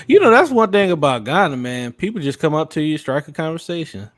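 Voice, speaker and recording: A man's voice: on the high side, very animated, fairly quick, slight background noise. Laid-back man in casual chat. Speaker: panelist.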